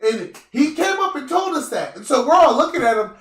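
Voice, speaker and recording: A man's voice: very high voice, a little fast. A young man hosting a casual chat, telling stories with lots of profanity and acting out the people in them. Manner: animated, profane, acts out quoted people. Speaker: podcast host. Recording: roomy echo, distant mic.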